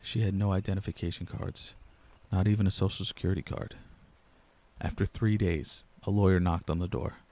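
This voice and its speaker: A young man reading a first-person horror story aloud in a low-key, steady storyteller's way. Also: a little fast. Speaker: narrator. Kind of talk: scripted horror narration.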